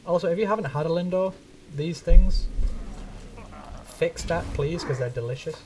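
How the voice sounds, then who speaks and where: A man's voice: fairly high pitch, normal speed, darkish tone, recorded from a distance, slight background noise. A man from England with a neutral English accent, chatting casually and rambling while streaming a game, swearing now and then. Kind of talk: casual gaming stream chat.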